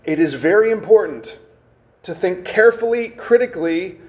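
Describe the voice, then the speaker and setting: A male pastor with a somewhat higher voice teaches his congregation in a relaxed, conversational way. He asks questions of the room and slows right down to press on single words. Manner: engaging, quizzes the congregation, stresses words by slowing down.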